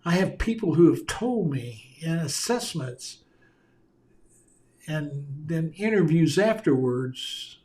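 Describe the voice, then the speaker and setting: A man's voice: fairly high pitch, lively intonation, takes it slowly, darkish tone. A man, a communication consultant, giving an earnest talk straight to camera and repeating key phrases for stress. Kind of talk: direct-to-camera video talk. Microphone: camera mic, speaking to viewers on video.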